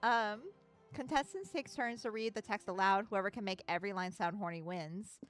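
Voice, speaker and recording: A woman's voice: medium pitch, normal speed, fairly bright tone, soft background music. A woman streamer chatting casually during a game, laughing often.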